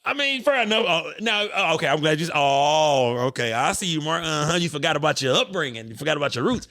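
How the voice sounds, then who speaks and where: A man in his thirties hosting a podcast, telling stories in an animated, profane, bantering way. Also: fairly high pitch, fast, no echo, clean studio sound. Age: 30s. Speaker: podcast host. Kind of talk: casual podcast chat.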